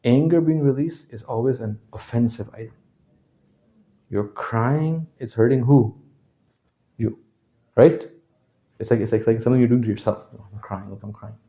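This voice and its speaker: A man teaching a class, constantly asking his listeners questions and checking that they understand, his voice jumping from loud to quiet. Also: mid-range voice, moderate pace, long pauses, highs cut off. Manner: animated, swings from loud to quiet. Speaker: religious teacher. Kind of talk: interactive lecture to a class.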